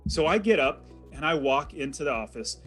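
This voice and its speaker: A man's voice: on the high side, animated, moderate pace, fairly bright tone, faint music behind. A man telling a personal story as an interview guest, in a vivid and dramatic way. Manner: vivid, dramatic retelling with acted quotes.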